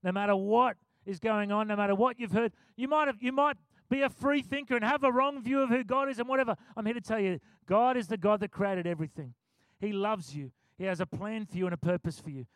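A man preaching a sermon, telling a story with animated acted-out quotes. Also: sits high, fairly quick, no echo. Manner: animated, acts out quotes, chuckles often.

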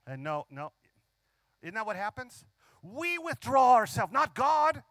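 High-voiced man preaching a sermon. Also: sing-song, a bit bright, no room sound. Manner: emphatic, slows and stretches key phrases; asks the congregation frequent rhetorical questions.

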